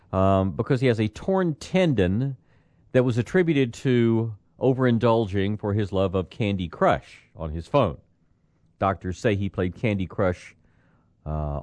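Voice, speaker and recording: A man's voice: fairly low pitch, darkish tone, no echo. A man hosting a morning radio show, chatting casually and telling odd news stories with lots of fillers. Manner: chatty, jokey, many fillers. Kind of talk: casual on-air banter. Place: radio studio. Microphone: studio microphone.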